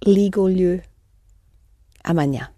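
A woman's voice: lowish voice, slow pace, dark tone, no echo, clean studio sound. A woman taking part as a student in a language lesson, giving short answers to the teacher's prompts. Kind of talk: repeating drills in a lesson.

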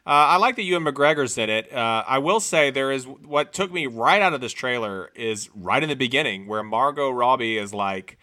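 Bright-voiced man rambling about movies. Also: medium pitch, animated, moderate pace, hardly any pauses. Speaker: podcast co-host. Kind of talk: casual movie chat.

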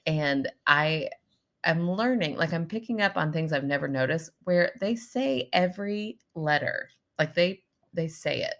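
A woman co-hosting a podcast in casual chat, animated and quick to laugh. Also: low voice, creaky. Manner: animated, laughs often, chatty. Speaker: podcast co-host.

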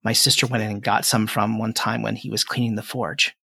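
A man's voice: fairly low pitch, flat delivery, brisk, gravelly, sharp tone, slightly rough, dry recording, heavily acted. An earnest, nervous ten-year-old boy, as a game master puts him on, solemn and chatty, who stumbles over his words. His voice sounds plain and dry. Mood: hesitant. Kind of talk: tabletop game character voice.

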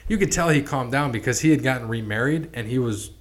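A man's voice: medium pitch, fast talker. A man hosting a podcast in a casual chat, rambling with lots of restarts and casual swearing. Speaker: podcast host.

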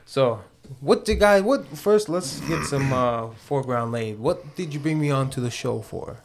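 A man's voice: medium pitch, expressive, normal speed, vocal fry, noisy background. A man guest on a podcast, chatting casually and teasing the hosts. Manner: joking, teasing, laid-back. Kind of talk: casual chat.

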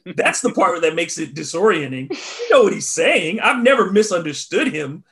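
Gravelly higher-voiced man talking sports. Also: big pitch swings, normal speed, a bit bright. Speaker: podcast co-host. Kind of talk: casual sports chat.

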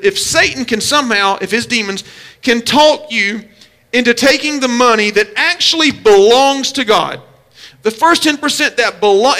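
A man preaching a sermon as pastor, with emphatic delivery, numbered points and drawn-out stresses. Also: extremely high pitch, pushed and bright.

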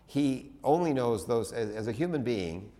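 A man's voice: mid-range voice, expressive, moderate pace, mellow. A man giving a classroom lecture in a conversational, digressive way, with frequent restarts and asides. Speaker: teacher.

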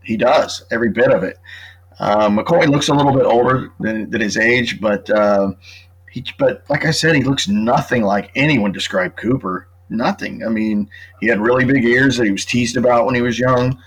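A middle-aged man who writes about true crime joins a podcast as a guest, talking casually and at length while building his case point by point. He has a mid-range voice with a breathy edge and a moderate pace, on a rough recording.

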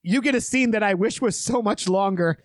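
A man's voice: high-pitched, a little fast, no room sound. A man co-hosting a casual podcast, recapping a movie plot and telling stories with frequent laughter. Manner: animated storyteller, laughs often. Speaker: podcast co-host.

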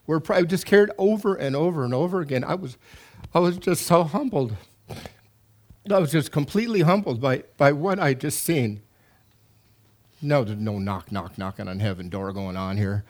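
A high-pitched, middle-aged man preaches as pastor at normal speed. Animated and emphatic, he repeats himself and restarts often.

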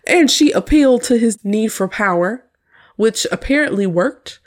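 A woman's voice: a little high, expressive, moderate pace. Wry, chatty woman podcast host. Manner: wry, chatty, laughs at her own jokes. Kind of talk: casual film review monologue.

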